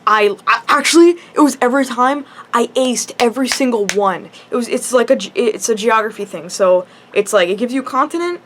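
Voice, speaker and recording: A woman's voice: mid-range voice, a bit bright. A teenage girl telling a personal story in a casual vlog, rambling and chatty with lots of "like" and restarts. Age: teens. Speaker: high school student.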